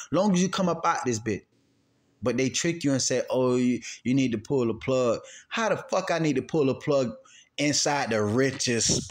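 Profane man telling a story. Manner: profane, rambling, swings from loud outbursts to low quiet recounting. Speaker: channel host answering questions. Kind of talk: casual storytelling monologue.

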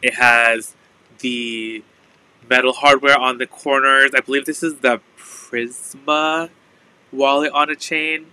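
A man's voice: medium pitch, fairly even intonation, takes it slowly, sharp tone, clear, resonant tone, no echo, poor audio. A man hosting a live resale stream, chatting casually and filling his talk with "like". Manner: chatty, full of "like" fillers. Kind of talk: casual live sales chat.

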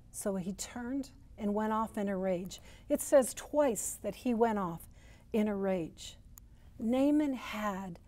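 Mellow-voiced woman giving a church teaching. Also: mid-range voice. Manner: storytelling, voicing quoted thoughts with rising force. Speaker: marriage and family therapist teaching at church.

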